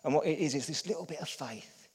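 A man preaching a sermon as a pastor, getting the congregation to repeat lines and swinging from hushed to loud. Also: a little high, fast talker, breathy edge. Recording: long hall reverb.

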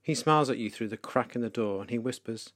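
A man leading a guided meditation for listeners, speaking slowly, calmly and softly with pauses. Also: medium pitch, no room sound, studio quality. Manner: slow, calm, soft-spoken with pauses. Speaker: devotional leader.

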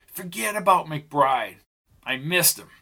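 A man's voice: fairly high pitch, lively intonation, takes it slowly, pushed and bright, exaggerated voice. A man playing a ruthless cold outlaw. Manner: curt, menacing.

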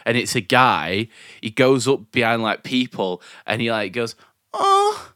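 A man's voice: mid-range voice, moderate pace, pushed and bright, no echo, clean studio sound. A man from Britain ranting in casual chat, swearing a lot and laughing often.

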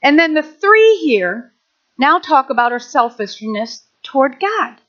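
High, bright-voiced woman preaching. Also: unhurried. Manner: animated preaching, asides and rhetorical questions. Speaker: pastor. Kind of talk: sermon. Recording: dull lo-fi recording.

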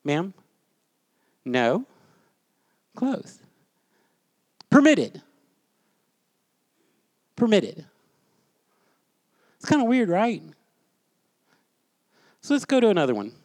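A man's voice: high-pitched, big pitch swings, slow pace, long pauses, darkish tone, no room sound. A man teaching a Bible class in a chatty, storytelling way, putting questions to his listeners. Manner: conversational, quizzes the class, storytelling.

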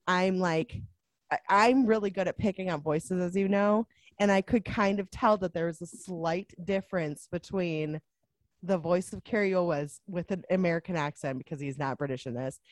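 A woman talking casually on a podcast, her voice a little lower than most. She rambles through stories with many fillers and restarts, recorded dry and close. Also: normal speed, dry recording. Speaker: podcast co-host. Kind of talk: casual chat about a movie.

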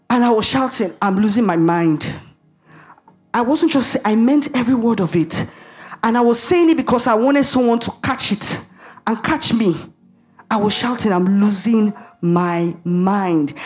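A woman's voice: a little high, darkish tone. A woman preaching a sermon in an emphatic way, asking the audience rhetorical questions and laughing at herself.

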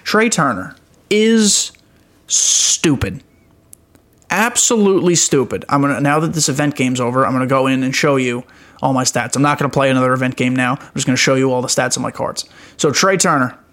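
A man's voice: mid-range voice, fairly even intonation, fast, fairly bright tone. A young man hosting a casual gaming podcast, rambling and enthusiastic, poking fun at himself as he goes. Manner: rambling, self-mocking, enthusiastic. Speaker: podcast host.

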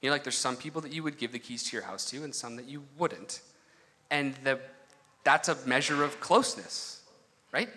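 Animated, bright-voiced male preacher. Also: medium pitch, normal speed. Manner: animated, conversational preaching with frequent asides. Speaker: pastor. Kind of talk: sermon.

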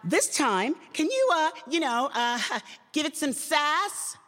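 A woman putting on the high, patronizing voice of a fussy woman producer giving voice notes. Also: sing-song, takes it slowly, a bit bright, full character voice. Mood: coaxing. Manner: high, prissy, patronizing delivery. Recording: long reverb in a hall.

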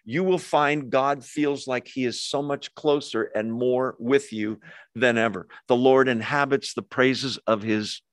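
A man leading a Bible study in an earnest, conversational way, pausing over his notes with fillers and acting out quoted speech. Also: mid-range voice, steady tone, no room sound.

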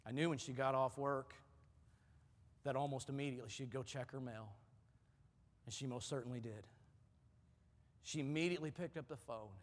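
A man's voice: steady tone, moderate pace, pauses often. Man, middle-aged, pastor, sermon, stumbling repeats, long hall reverb. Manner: storytelling with repeated words, dropping low and soft for emphasis.

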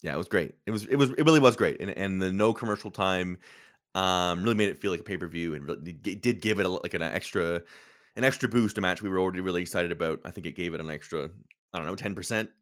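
A man with a low voice co-hosting a stream in casual chat. He speaks thoughtfully, circling back and restarting before landing his point. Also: fast. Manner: hesitant, many fillers and restarts, thoughtful. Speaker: co-host of a wrestling review stream.

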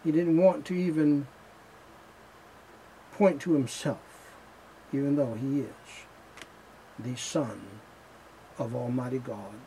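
A man preaching a sermon in a slow, emphatic style, returning again and again to the same refrains. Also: medium pitch, fairly even intonation, mellow, slight background noise, low-quality recording.

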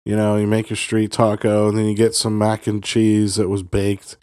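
A man's voice: lowish voice, monotone, moderate pace, darkish tone, dry recording, studio quality. A man co-hosting a podcast, talking in a tired, laid-back, casual way. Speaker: podcast co-host. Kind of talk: casual chat.

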